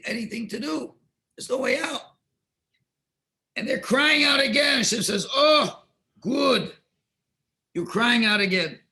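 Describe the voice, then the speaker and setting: A man teaching a Torah class, telling parables in an animated way and mixing in Hebrew and Yiddish terms. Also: high-pitched, gravelly.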